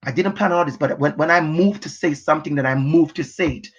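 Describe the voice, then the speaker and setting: A man delivers an off-the-cuff motivational talk, repeating his points and pushing hard, at times breaking into shouts. The sound is dull and lo-fi. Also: a little high, fast, slightly rough. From Jamaica. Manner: emphatic, repetitive, pushing, sometimes shouting. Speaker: motivational educator. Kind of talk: unscripted motivational talk to camera. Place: house, indoors.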